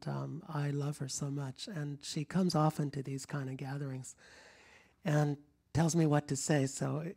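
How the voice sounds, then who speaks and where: A middle-aged man from rural Kentucky, now with a General American accent, telling stories at a public talk in a rambling, warm-hearted way with frequent restarts. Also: fairly high pitch, vocal fry. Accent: General American, Kentucky accent trained out. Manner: rambling, restarts often, chuckles, moves around. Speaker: public speaker. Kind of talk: storytelling talk to an audience. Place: lecture room before a live audience.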